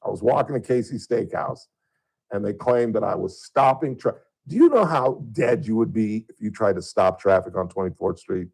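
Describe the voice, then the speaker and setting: A middle-aged man from Southern California hosting a radio show, telling stories in a casual on-air chat and getting loud and high when worked up. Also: lively intonation, normal speed, vocal fry, husky, rough recording.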